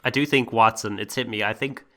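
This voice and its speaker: A man with a lower voice and a bright, forward tone, explaining things patiently on a casual podcast. He pauses and hesitates often as he works through his thoughts. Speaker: podcast co-host. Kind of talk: casual anime review chat.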